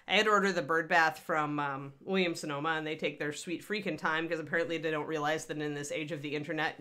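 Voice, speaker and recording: A woman's voice: lowish voice, sharp tone. A woman hosting a casual livestream chat, rambling along with grumbling asides. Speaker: host.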